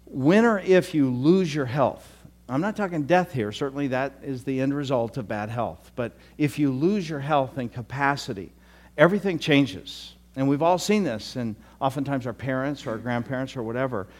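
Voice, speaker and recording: A man's voice: mid-range voice, normal speed, a little mellow. Older man preaching a folksy sermon. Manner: conversational, folksy, with repeated restarts and joking asides. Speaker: pastor.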